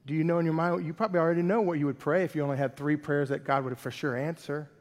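High-voiced animated preacher in a reverberant hall. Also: male voice, fast. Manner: animated, conversational preaching with rhetorical questions. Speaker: pastor. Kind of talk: sermon.

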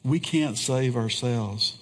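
A man preaching a sermon in a slow, earnest way, pausing often and repeating key phrases. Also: mid-range voice, long reverb tail.

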